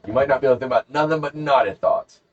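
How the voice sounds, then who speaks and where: A man's voice: mid-range voice, very fast. A man co-hosting a podcast who tells a rambling, jokey story in casual chat. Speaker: podcast co-host. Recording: dull lo-fi podcast recording.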